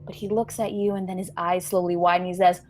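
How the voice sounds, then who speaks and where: A woman's voice: fairly low pitch, little pitch movement, quick pace, a little mellow. A woman narrating a tabletop game as game master, describing scenes with casual fillers.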